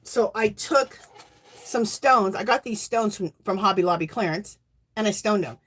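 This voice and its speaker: A woman's voice: medium pitch, moderate pace, breathy edge. Chatty woman rambling about crafts. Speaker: craft channel host. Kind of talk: casual show-and-tell chat.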